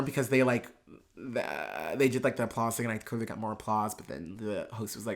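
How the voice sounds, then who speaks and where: A man guest on a chat show, telling a casual story in an excitable, gushing way with many fillers. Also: mid-range voice, quick pace. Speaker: podcast guest, drag performer.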